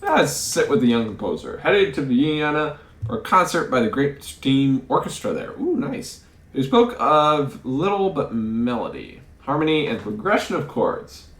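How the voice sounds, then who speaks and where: A man's voice: mid-range voice, big pitch swings, unhurried, a bit bright, roomy sound. A man playing a story game, reading its text aloud and musing over his choices, often stumbling over words. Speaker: let's play host.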